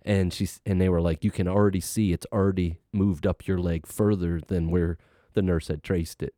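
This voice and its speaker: Deep-voiced man telling a story casually. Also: normal speed, no echo, clean studio sound. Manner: animated, acts out quoted voices, laughs while telling. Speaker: guest telling a personal story.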